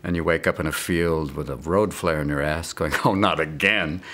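A middle-aged actor and comedian in an interview, riffing rapid-fire with sudden voices and whispers. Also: male voice, extremely low pitch, sharp tone. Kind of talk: interview with comic riffs.

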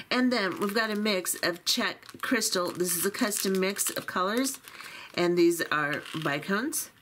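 A woman hosting a beading channel, chatting casually through an unboxing in a chatty, self-deprecating way with many fillers. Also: lowish voice. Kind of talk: unboxing walkthrough, casual chat.

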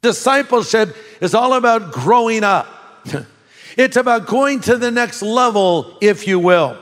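An older man preaches with folksy warmth and firm, repeated emphasis. His voice sits fairly high for a man, and it rings with a long hall reverb. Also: animated, a little slow. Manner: folksy storytelling with laughs and emphatic repetition. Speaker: pastor. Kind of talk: sermon.

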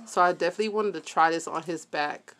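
A young woman, excitedly unboxing products at home and talking to her viewers. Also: on the low side, fast talker. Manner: gushing and excitable, addresses viewers as y'all and you guys. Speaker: vlogger. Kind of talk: product haul vlog. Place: home, indoors.

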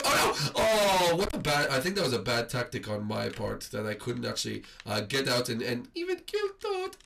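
A man hosting a game video in excitable let's-play commentary, swinging from hushed nervous murmurs to high shrieks. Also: moderate pace, vocal fry, distant mic, slight background noise. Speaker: gaming channel host.

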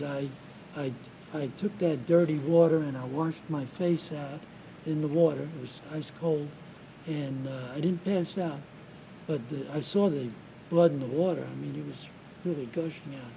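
Gravelly older man recounting war. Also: on the high side, warm tone, slight background noise, rough recording. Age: 70s. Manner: halting, restarts and repeated words. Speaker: war veteran being interviewed. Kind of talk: recounting war memories in an interview.

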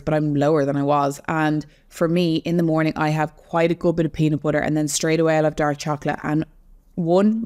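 A woman's voice: deep voice, darkish tone. A young adult woman, an online fitness coach, explaining earnestly as a guest in a casual podcast conversation. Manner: earnest, explanatory, speaks to women listeners directly.

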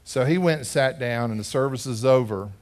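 A male pastor preaching in a church, voice sitting at an ordinary middle pitch. He tells his story in a relaxed, conversational way and keeps turning to the congregation with questions. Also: brisk. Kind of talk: storytelling sermon. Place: church sanctuary.

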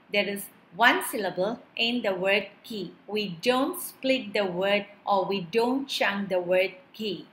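Woman teacher, slow and careful, clear drawn-out words, bright tone, echoey room. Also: mid-range voice, a little hiss or hum. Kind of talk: children's lesson narration.

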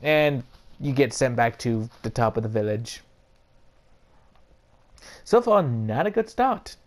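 A man's voice: mid-range voice, lively intonation, slow pace. A man casually commenting on his own gameplay, swearing constantly in frustration and muttering to himself as he plays. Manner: mutters to himself while playing. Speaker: let's play gamer. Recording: loud game music behind the voice. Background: loud game music.

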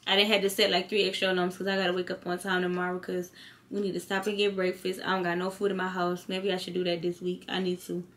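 A woman's voice: fairly low pitch, fast. A tired woman, vlogging in a casual late-night chat to camera and telling stories in a slangy way. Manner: chatty storytelling, slangy, animated when retelling.

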